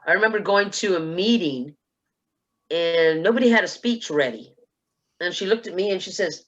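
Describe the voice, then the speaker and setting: Lively storytelling woman from South Texas. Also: fairly low pitch, moderate pace, dull audio. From South Texas, USA. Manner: lively, acts out dialogue in quotes. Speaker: panelist, speech contest finalist. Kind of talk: personal storytelling on a panel.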